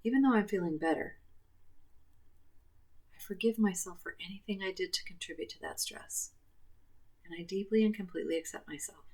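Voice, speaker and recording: A woman coaching a guided tapping session, calmly repeating affirmations. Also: mid-range voice, brisk, long pauses, husky. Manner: calm, repetitive affirmation phrasing.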